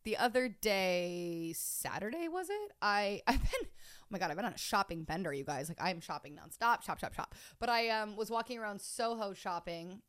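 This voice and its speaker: A woman's voice: mid-range voice, expressive, moderate pace, a bit bright, no echo, clean studio sound. A young woman in her twenties co-hosting a podcast, chatting casually with lots of "like" and frequent laughter. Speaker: podcast co-host. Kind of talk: casual chat.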